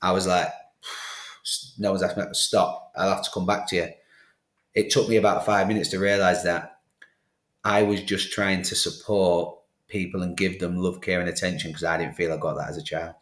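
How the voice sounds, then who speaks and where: A middle-aged man with a fairly low voice tells his story in a candid, animated way, acting out the voices of the people in it. His speech carries a noticeable room echo, as if recorded in a live studio. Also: a little fast. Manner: animated, acts out quoted exchanges. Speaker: podcast guest.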